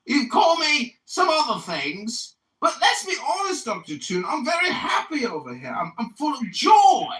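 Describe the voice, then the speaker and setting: A man in his forties hosting a livestream, shouting and mocking the other speaker with profanity. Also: very high voice. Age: 40s. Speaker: livestream host, political candidate. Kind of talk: heated livestream argument. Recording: roomy echo, distant from the mic.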